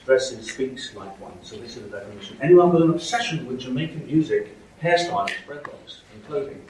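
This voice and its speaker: A man's voice: medium pitch, darkish tone. A man giving a university lecture, explaining with frequent checks like "okay?" and "right?". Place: lecture hall. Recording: echoey hall from far off, faint noise.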